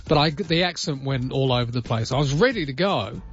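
A man's voice: medium pitch, lively intonation, fairly quick, hardly any pauses, a bit bright. Man, Australian accent, overnight radio host, rambling, self-deprecating, dull broadcast sound, faint music underneath. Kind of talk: casual talkback radio.

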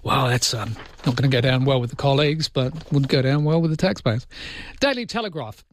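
A man's voice: medium pitch, a little fast, no room sound. An Australian man hosting early-morning radio, chatting about listener texts and reading the newspaper front pages in a self-deprecating, jokey way. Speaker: radio host. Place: radio studio. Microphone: close studio microphone.

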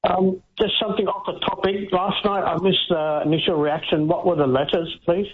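A man's voice: high-pitched, flat delivery, moderate pace. A man phoning in to a radio show, polite and brief. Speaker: caller. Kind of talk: phone-in call. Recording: dull phone line into radio.

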